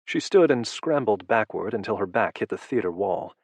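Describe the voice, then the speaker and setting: A man reads a first-person audiobook in a low, intimate, measured voice. His tone is husky and sits low. The sound is dry and close, with no room around it. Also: expressive, a little mellow, dry recording. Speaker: audiobook narrator.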